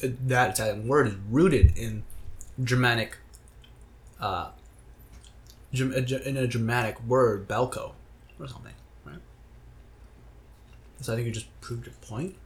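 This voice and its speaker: Halting man in casual podcast chat. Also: mid-range voice. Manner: halting, stumbling over words. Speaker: podcast co-host.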